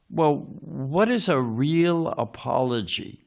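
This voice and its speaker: Slow and lively in intonation, this man's fairly high voice carries vocal fry as he gives a sermon-style scripture class in the temple hall. He chats with the listeners, asks them questions, and now and then hunts for words.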